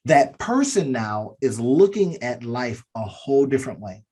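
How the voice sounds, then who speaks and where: Earnest husky man preaching business lessons. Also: medium pitch, sing-song, normal speed, dark tone. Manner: earnest, preachy, repeats key phrases. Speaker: podcast co-host. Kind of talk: motivational business talk.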